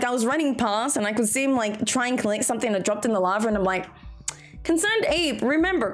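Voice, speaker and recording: A woman from Australia with a somewhat high voice gives casual gameplay commentary. She chats easily with her viewers and breaks into frequent giggles between moves. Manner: chatty, giggly, talks to chat while playing. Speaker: game streamer.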